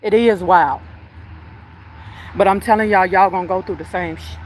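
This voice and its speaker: A woman hosting a livestream, telling a story in an animated, slangy way while walking outdoors and talking into her phone. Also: medium pitch, moderate pace, a little hiss or hum. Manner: chatty, animated retelling with slang and swearing. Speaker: psychic medium and livestream host. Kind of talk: casual live storytelling.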